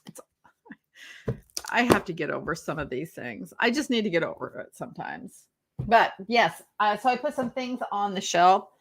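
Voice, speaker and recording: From her home office, a woman hosts a tarot live stream, chatting loosely and rambling with viewers, greeting them by name and yawning often. Her voice is animated, medium in pitch, at a normal speed.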